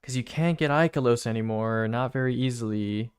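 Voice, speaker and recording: A man streaming a video game, chatting casually and thinking out loud as he rambles and repeats himself. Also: mid-range voice, moderate pace, smooth. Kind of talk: casual live-stream chat.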